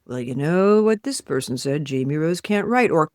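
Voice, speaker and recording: This author, a woman with a low-pitched voice and moderate pace, is an interview guest guiding listeners through an exercise. Emphatic, blunt, and freely profane, she animatedly voices the quoted lines; the audio is dry and studio-grade.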